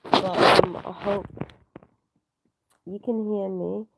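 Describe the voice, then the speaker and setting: A young woman rambling softly in an unplanned livestream chat, sad and tearful, talking into a handheld phone. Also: mid-range voice, fairly even intonation, slow, gravelly, very noisy. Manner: rambling, soft-spoken, trailing off. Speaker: vlogger.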